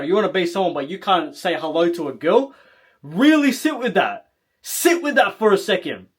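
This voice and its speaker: A man giving a blunt motivational talk to camera as a self-improvement coach, emphatic and profane, often tagging lines with "right?". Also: high voice. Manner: emphatic, blunt, swears, keeps asking "right?".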